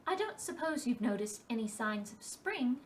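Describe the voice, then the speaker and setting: A woman's voice: on the high side, sing-song, moderate pace, slight background noise. A woman voicing a small, bossy female woodland animal who exclaims and scolds, in a children's storybook reading. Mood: grumpy.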